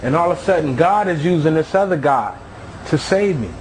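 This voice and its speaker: A man's voice: a little high, expressive, brisk, a little hiss or hum, poor audio. A man telling his own near-death story as a testimony, with emotional storytelling.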